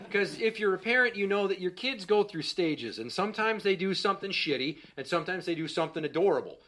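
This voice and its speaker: On a small comedy stage, a stand-up comedian in his thirties tells profane, exasperated stories about his kids into a handheld microphone before a live audience. His voice is high and a bit bright, with lively intonation and a quick pace with few pauses, and he does voices for his young son.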